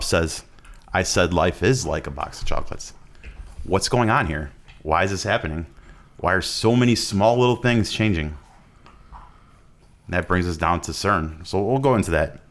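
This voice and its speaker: Male podcast guest, very low voice, loose rambling explanations. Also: normal speed. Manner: rambling explainer, many fillers and restarts. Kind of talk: casual podcast chat.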